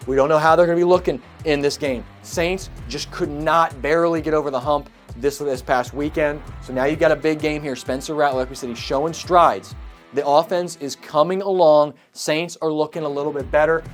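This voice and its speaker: A man hosting his own sports show, breaking down upcoming games in an energetic, emphatic way and repeating key points. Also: fairly high pitch. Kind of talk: sports preview talk.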